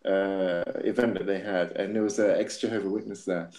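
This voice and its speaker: Low-voiced man hosting a podcast. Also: steady tone, brisk, darkish tone. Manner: rambling storytelling. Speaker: podcast host. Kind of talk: casual chat. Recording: echoey room.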